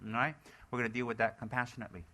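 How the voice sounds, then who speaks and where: A man's voice: mid-range voice, little pitch movement, very fast, sharp tone. Man teasing his students in a Dharma talk. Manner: teasing, playful, jokes about his students. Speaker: Buddhist teacher. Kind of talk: joking Dharma talk to a live audience.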